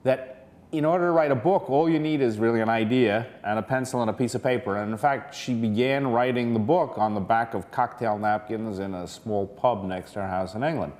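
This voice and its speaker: A man's voice: medium pitch, fairly quick, a little mellow. A man presenting a lecture as an earnest, persuasive, conversational story.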